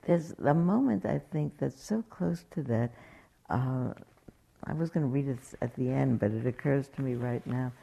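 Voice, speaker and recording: A woman's voice: a bass voice, normal speed, gravelly, breathy edge, lo-fi sound. A woman meditation teacher giving a dharma talk, telling stories in an anecdotal way and acting out quotes. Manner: warm anecdotal storytelling, acts out quotes.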